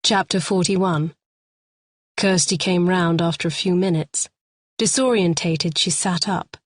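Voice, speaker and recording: A woman narrating a thriller audiobook in a tense, measured storytelling manner. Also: on the low side, steady tone, no room sound, studio quality.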